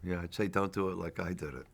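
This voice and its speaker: A man's voice: sits low, gravelly. A middle-aged man telling rambling stories in a casual interview. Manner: rambling storyteller with restarts and laughs. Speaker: actor, interviewee.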